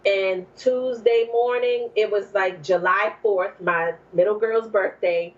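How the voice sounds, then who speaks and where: Brief: woman guest, from New Jersey, lively storyteller full of "um" and "like", slightly muffled recording. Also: medium pitch, slow. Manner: animated, acts out quoted speech, many fillers. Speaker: podcast guest. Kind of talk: personal storytelling.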